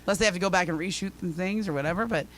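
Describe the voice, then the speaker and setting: A man's voice: sits high, fairly bright tone, slight background noise. A man co-hosting a sports radio show, talking in a chatty storytelling way. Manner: talkative, storytelling, quick laughs. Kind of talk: casual sports radio chat.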